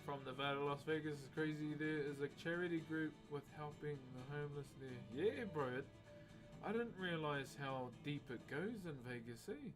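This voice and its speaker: A man's voice: on the high side, normal speed. Laid-back New man chatting, bro. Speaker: livestreamer. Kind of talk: casual live-stream chat with viewers. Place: home streaming setup while wood carving. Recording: music bed under voice. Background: music playing.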